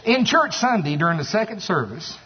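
A man preaching with a high, husky voice that swings from low and quiet to loud exclamations. The sound is dull, with a long reverb trailing behind him in the hall. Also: brisk. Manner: animated, exclaiming, mocking voices. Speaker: pastor. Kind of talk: sermon.

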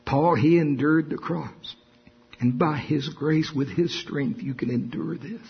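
A man preaching a sermon in a lively way, acting out quotes and stories as he goes. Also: fairly high pitch, unhurried, vocal fry, breathy edge, lo-fi sound. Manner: lively preaching, acts out quotes and hums a tune. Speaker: pastor.

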